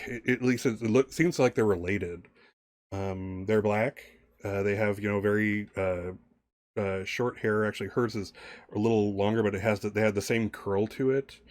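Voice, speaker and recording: A man narrating a tabletop game as game master, in a rambling, halting way with many restarts. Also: fairly low pitch, dry recording, clean studio sound.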